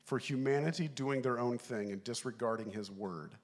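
A middle-aged man preaching a sermon, telling a story animatedly, laughing along and shouting the lines he quotes. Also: medium pitch, moderate pace. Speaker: pastor.

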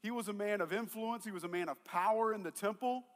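A man preaching with a high, light voice that carries a long reverb through a large hall. He talks casually and animatedly, slipping into the voices of the people in the story as he tells it. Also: quick pace. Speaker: pastor. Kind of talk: sermon.

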